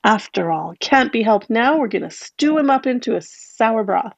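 A woman's voice: fairly high pitch, lively intonation, normal speed, gravelly, muffled recording. A woman voicing a scheming, cruel stepmother who sounds falsely sweet and coaxing.

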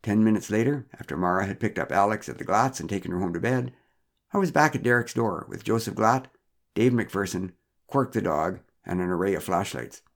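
Guy narrating his own story, low voice, really animated, dry humor. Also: a little fast, gravelly. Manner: wry, dryly humorous.

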